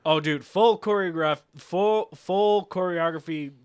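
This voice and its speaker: A young man co-hosts a casual film chat, talking excitedly and swearing freely. He often trips over his words and starts sentences over. His voice sits a little high. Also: measured pace, clean tone. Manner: excitable, swearing, stumbling restarts. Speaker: podcast co-host.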